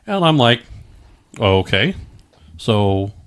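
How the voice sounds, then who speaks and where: A man's voice: fairly low pitch, very animated, very slow, a bit bright, clear, resonant tone. A middle-aged man telling his own story in casual chat, rambling with many stammered restarts and frequent swearing.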